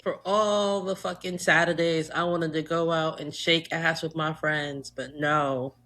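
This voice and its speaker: A Trinidadian American woman co-hosting a podcast in casual chat, animated and joking, swearing freely. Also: low-pitched, measured pace, few pauses. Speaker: podcast co-host.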